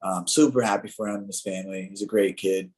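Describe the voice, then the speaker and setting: A man's voice: fairly low pitch, steady tone, fast talker, darkish tone, poor audio. A man co-hosting a casual podcast, talking loosely with lots of filler words and easy banter. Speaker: podcast co-host, fighter. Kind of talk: casual chat.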